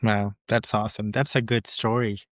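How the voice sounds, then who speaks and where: A podcast host asking a guest questions in a friendly, encouraging way, with slightly halting phrasing. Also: medium pitch, level tone, no echo, clean studio sound. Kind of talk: casual interview questions.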